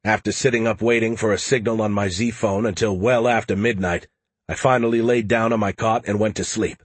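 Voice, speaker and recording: Low husky guy narrating an audiobook, wry, real dry close sound. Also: fairly even intonation, a little fast, no echo. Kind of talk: first-person audiobook narration.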